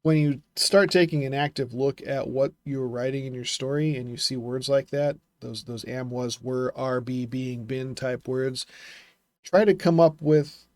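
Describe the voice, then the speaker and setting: A man's voice: mid-range voice, a little slow, darkish tone, no echo. Male vlogger, casual teaching tone, fillers and self-corrections, mid-range voice, dry recording. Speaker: self-publishing vlogger critiquing writing. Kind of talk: casual explanatory vlog.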